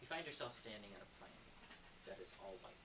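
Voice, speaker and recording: A man narrating a tabletop game as game master, with a lively, animated delivery that stumbles and restarts. He sounds set back from the mic in a roomy space. A clear layer of background noise runs under him. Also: on the low side, fast talker, distant mic. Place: home streaming setup.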